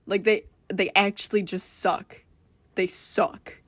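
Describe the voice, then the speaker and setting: A woman's voice: medium pitch, fairly even intonation, takes it slowly, a bit bright, no room sound. A woman voicing a blunt young man who complains about his bandmates and swears. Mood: fed up. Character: fed-up young male bassist, blunt.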